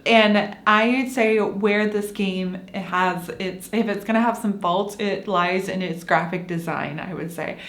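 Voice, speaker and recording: A woman's voice: medium pitch, steady tone, measured pace, few pauses, a bit bright. Chatty woman in an echoey room. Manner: chatty, laughs often, bursts into playful sing-song announcer voice. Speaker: co-host of board game review channel. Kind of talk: casual review chat.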